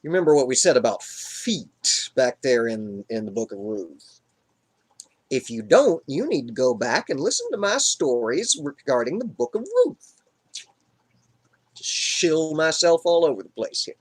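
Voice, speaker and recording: A man's voice: mid-range voice, sing-song, measured pace. A man hosting a live stream, retelling a Bible story in an irreverent, joking way. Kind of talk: casual comic Bible retelling.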